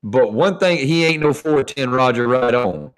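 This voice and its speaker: A man's voice: medium pitch, animated, normal speed, clear, resonant tone. A man hosting a podcast in casual chat, emphatic and profane, repeating names as he talks. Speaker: podcast host.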